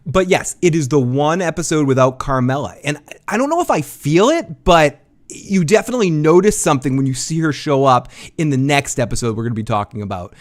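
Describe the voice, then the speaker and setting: A man with a Boston accent hosting a live show commentary, animated and quick to swear. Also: a little high. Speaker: podcast host.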